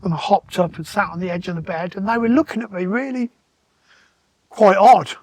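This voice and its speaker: High-voiced man, calm storyteller. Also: a little fast, no room sound. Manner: calm, matter-of-fact, retells dialogue. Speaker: podcast guest. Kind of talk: casual storytelling conversation.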